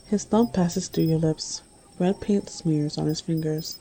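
A woman narrates a second-person romance story in a low, dark, gravelly voice. Her delivery is intimate and hushed, close and unhurried. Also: slight background noise, poor audio. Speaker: reader.

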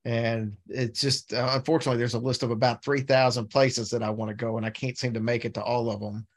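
A man's voice: mid-range voice, flat delivery, fast. A man hosting a podcast interview, asking easygoing, rambling questions. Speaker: podcast host. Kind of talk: casual interview.

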